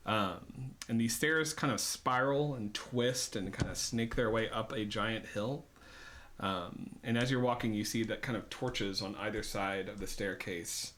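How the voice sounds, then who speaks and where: A man's voice: lowish voice, measured pace, fairly bright tone, slight background noise. A man narrating a tabletop game as dungeon master, rambling and hesitant with many fillers.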